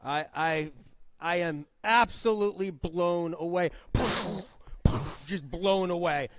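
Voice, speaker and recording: A man with a high voice greets a live audience as the event's host. He talks with feeling, repeats words and laughs often. His voice sounds dry and close to the mic. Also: slow, no room sound. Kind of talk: live stage welcome speech.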